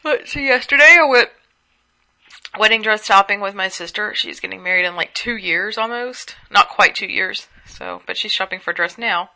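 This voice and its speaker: A woman's voice: mid-range voice, steady tone, normal speed, few pauses, bright, forceful tone. A sleepy young woman chatting casually at home as a solo podcast host, gossiping and rambling with asides. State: sleepy, yawning.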